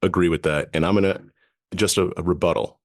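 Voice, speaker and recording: A man's voice: low voice, fairly even intonation, brisk, no room sound, studio quality. A man co-hosting a podcast in casual chat, reasoning aloud with frequent restarts. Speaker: podcast co-host.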